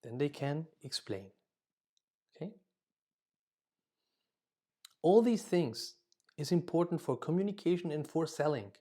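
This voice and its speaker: Warm-toned man lecturing dentists. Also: on the high side, lively intonation, unhurried, long pauses. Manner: explains with example phrases, frequent "okay?" check-ins; self-corrects mid-word. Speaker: dental communication instructor.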